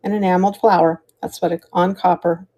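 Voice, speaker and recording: American woman, live-sale host, low warm voice, chatty, reads viewer names while auctioning. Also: flat delivery, fairly quick. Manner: chatty, calls out starting prices and thanks viewers by name. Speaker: live-stream jewelry seller. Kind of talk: live auction stream chat.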